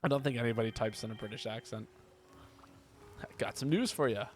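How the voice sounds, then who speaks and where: A man's voice: mid-range voice, a little fast. Casual man streaming a game. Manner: relaxed, joking, reads chat aloud. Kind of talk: casual gameplay chat with viewers.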